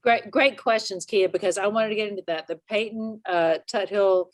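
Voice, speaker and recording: A woman's voice: medium pitch, moderate pace, dry recording. A woman hosting a talk show, praising her guest effusively and laughing easily. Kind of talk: warm interview chat.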